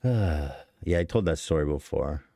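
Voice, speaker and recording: A man's voice: rumbling low, lively intonation, normal speed, creaky, dark tone, no room sound, clean studio sound. A man hosting a podcast, telling a story in a rambling, profane, self-deprecating way with many restarts. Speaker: podcast host. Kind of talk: casual confessional podcast talk. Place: podcast studio.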